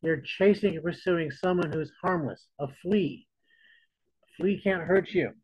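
A man's voice: on the high side, a little slow, husky, dry recording, dull audio. A man teaching a Bible lesson as a sermon, talking in a conversational way and retelling scripture in casual modern words.

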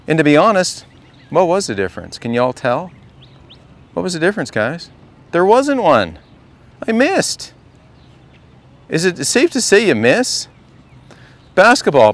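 A man's voice: a little high, very animated, normal speed, pauses often. A man coaching a group at a golf clinic, talking casually and asking the group question after question. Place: outdoor golf practice range.

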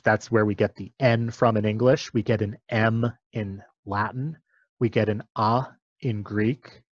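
A man's voice: mid-range voice, no echo, muffled recording. A man explaining a topic step by step in a patient, methodical lecture.

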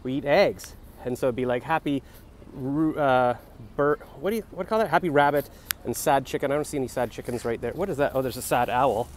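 A man's voice: medium pitch, fast, slight background noise. A young man rambling in a comic vlog outdoors on a city street, musing and free-associating, recorded on a handheld phone. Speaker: comedian vlogger.

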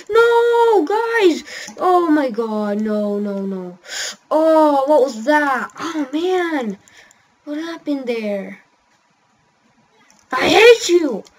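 A woman giving rambling, excitable commentary while playing a racing game, often yelling at what happens on screen. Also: on the high side, a little hiss or hum. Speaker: gamer. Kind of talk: gameplay commentary.

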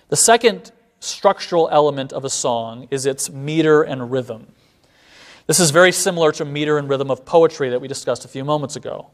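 A man giving a classroom lecture, measured and explanatory, often checking in with a rhetorical "right?". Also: medium pitch.

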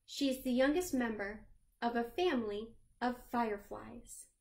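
A woman librarian reading a picture book aloud to children, gently asking them questions along the way. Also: on the high side, moderate pace, vocal fry. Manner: sings the chorus lines in a lilting voice.

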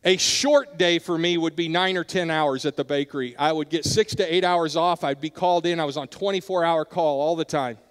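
A middle-aged male pastor preaching with a high, bright-pitched voice. He talks in an earnest way and turns hushed during personal stories, and a long hall reverb trails after his words in the church. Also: a little fast, hardly any pauses. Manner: earnest, drops softer when telling personal stories. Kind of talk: sermon.

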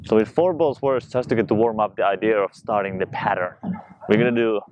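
A man teaching a juggling tutorial, talking fast and loosely while he demonstrates. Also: lowish voice, a little mellow, slight background noise. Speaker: juggling instructor. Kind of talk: casual spoken tutorial.

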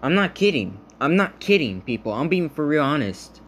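A man talking casually to his viewers in a halting, rambling way, full of restarts, earnestly reassuring them. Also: a little high, sing-song, fairly bright tone, slight background noise. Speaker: vlogger. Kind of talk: casual talk to camera.

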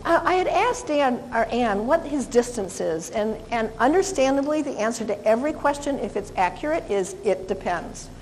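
A woman's voice: fairly high pitch, expressive, moderate pace, hardly any pauses, slight background noise. Cheerful woman dog trainer in a hall. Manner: cheerful, talks to the dog in a sweet voice. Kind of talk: live training seminar demonstration.

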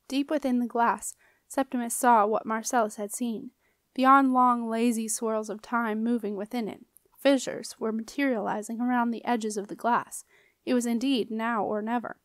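A woman narrating a children's fantasy novel as an audiobook reader with a steady storytelling delivery. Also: fairly high pitch, moderate pace, no echo. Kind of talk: scripted narration.

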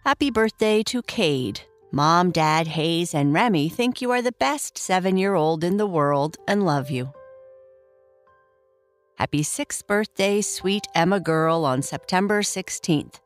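Bedtime story host, female, slow and gentle delivery, slightly low voice, faint music underneath. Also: animated. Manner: slow, soft and soothing, reading names warmly.

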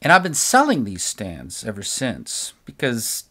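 A man's voice: mid-range voice, huge pitch swings, measured pace, a bit bright. A middle-aged man, a guitar maker, speaking unscripted to camera in an impassioned, ranting way, repeating words for emphasis. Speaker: guitar maker selling stands.

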